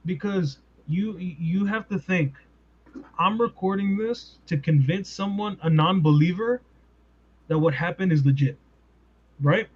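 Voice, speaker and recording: A man hosting a podcast in casual chat, animated and full of rhetorical questions. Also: sits high, a little slow, breathy edge. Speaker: podcast host. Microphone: podcast mic. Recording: dull lo-fi sound.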